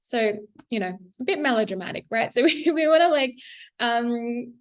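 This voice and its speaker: A fairly high-voiced young woman reads tarot cards in a loose, chatty way. She talks with plenty of fillers and small laughs, and she urges her listeners on warmly. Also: animated, normal speed. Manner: chatty, encouraging, laughs often, many fillers. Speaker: tarot reader. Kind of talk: casual weekly tarot reading to camera.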